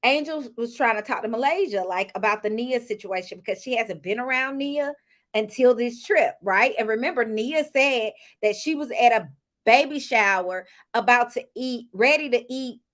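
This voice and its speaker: A woman casually recapping a reality show episode, chatting to viewers with lively asides and storytelling. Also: on the high side, measured pace.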